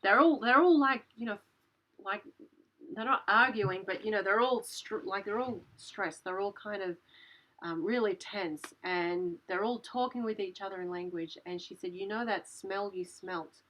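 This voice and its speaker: A woman in her thirties recounts a story to camera, her voice sitting at an ordinary middle pitch. She talks in an animated, breathless rush, leaning on "like" and casual swearing. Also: normal speed, low-quality recording. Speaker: channel host.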